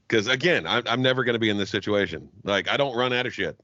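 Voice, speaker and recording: A young man co-hosting a comedy podcast, ranting and mocking his partner with loud, profane banter. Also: lowish voice, quick pace, few pauses, no echo, dull audio. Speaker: podcast co-host.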